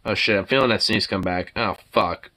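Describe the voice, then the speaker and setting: Brief: low-pitched male streamer, casual chat, excitable and profane, laughs a lot. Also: a little fast. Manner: excitable, swearing, often laughing. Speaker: livestream host.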